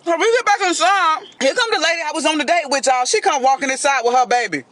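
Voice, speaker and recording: This is a lively, high-voiced woman recounting a dramatic story as a casual storytime monologue, often addressing listeners directly. Her pace is quick and the recording has no room sound.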